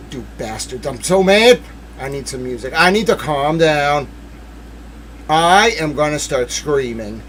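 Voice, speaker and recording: A young man hosting a true-crime livestream, reading court papers aloud and swinging from hushed muttering to outbursts of shouting. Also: a little high, animated, a little slow, poor audio. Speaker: livestream host.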